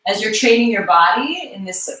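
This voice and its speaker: Woman instructor calling out breath cues slow and calm, sounds far from the mic, lots of room echo. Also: mid-range voice. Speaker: mobility instructor. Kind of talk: live online movement class.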